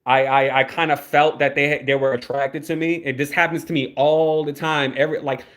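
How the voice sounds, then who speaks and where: A man's voice: on the high side, level tone, normal speed, a bit bright. A young man giving casual livestream commentary, rambling, repeating words and swearing freely. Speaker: YouTube commentator.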